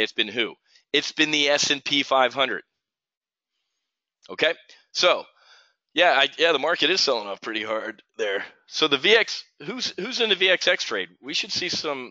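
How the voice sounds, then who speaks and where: A man's voice: mid-range voice, lively intonation, moderate pace, sharp tone, no echo. A middle-aged man from New Jersey hosting a live options trading stream, ranting and replying to viewers in chat by name. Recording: dull lo-fi stream audio.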